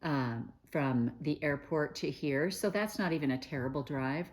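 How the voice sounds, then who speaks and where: A woman's voice: sits low, moderate pace. A middle-aged woman hosting a quilting show, talking in a chatty, gushing way with many fillers and restarts. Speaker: host of a quilting news show. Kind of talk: casual chat to camera.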